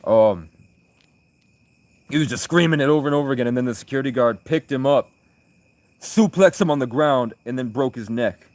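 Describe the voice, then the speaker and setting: A man from the United States chatting on a late-night livestream, rambling through stories and reading out his chat, with loud bursts of laughter. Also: medium pitch, moderate pace, long pauses, dry recording.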